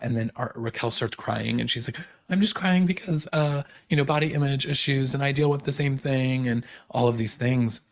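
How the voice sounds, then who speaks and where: A young man with a mid-range voice and vocal fry hosts a casual podcast recap of reality TV, gossiping and quickly paraphrasing what others said. His talk is packed with "like" and "you know."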